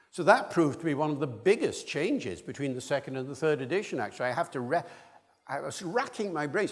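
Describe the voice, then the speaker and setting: Older man lecturing in a reverberant hall. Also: medium pitch. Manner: discursive and enthusiastic, with asides. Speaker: linguist lecturer. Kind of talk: public lecture.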